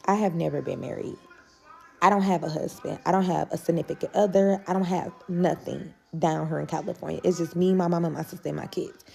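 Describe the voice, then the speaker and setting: A woman's voice: on the low side, steady tone, gravelly, mellow. A young woman from St. Louis telling a storytime vlog, cursing freely and calling her viewers y'all. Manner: profane, addresses viewers as y'all, drawn-out dramatic telling.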